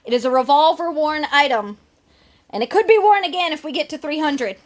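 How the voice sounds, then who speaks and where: A woman's voice: high-pitched, lively intonation, a little fast, slight background noise. A young woman chatting playfully on a live sales stream, teasing and listing signed photos. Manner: playful, bantering. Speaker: guest autograph seller.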